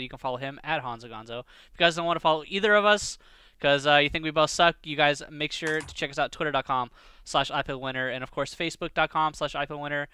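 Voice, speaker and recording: A man's voice: fairly high pitch, sharp tone, clear, resonant tone, no room sound. A man hosting a podcast, chatting casually and teasing his co-host in a laid-back way.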